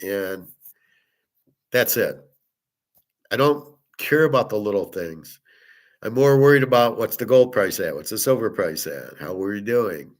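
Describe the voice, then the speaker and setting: Man, middle-aged, lowish voice, casual monologue, blunt, swears freely. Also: lively intonation, measured pace, long pauses. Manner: blunt, profane storytelling. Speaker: host.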